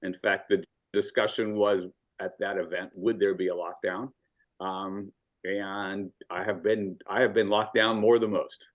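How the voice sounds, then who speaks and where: A man in his sixties from Southern California, a guest telling stories in a measured, thoughtful way with frequent ums. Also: deep voice, level tone, dull audio. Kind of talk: casual video-call conversation.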